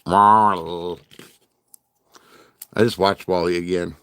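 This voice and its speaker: A man's voice: on the low side, lively intonation, moderate pace, no echo. A middle-aged man hosting a casual livestream, rambling and joking with his chat and laughing often. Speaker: livestream host.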